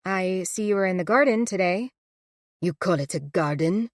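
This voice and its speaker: A woman's voice: lowish voice, animated, moderate pace, dry recording, clean studio sound, close to an everyday voice. A woman voicing a stubborn elderly grandmother with a thick German accent in an audiobook. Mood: brusque. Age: older.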